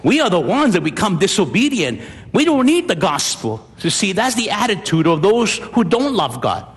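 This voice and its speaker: An older man preaching a sermon as pastor, emphatic and animated, asking rhetorical questions. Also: high voice, moderate pace. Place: church. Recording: long hall reverb.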